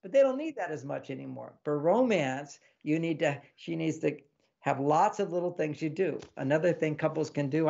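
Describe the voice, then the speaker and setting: A man, an author of relationship books, giving casual advice as a podcast guest, animated and fond of acting out little quoted exchanges with a laugh. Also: on the high side, gravelly, lo-fi sound. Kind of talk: casual advice talk in an interview.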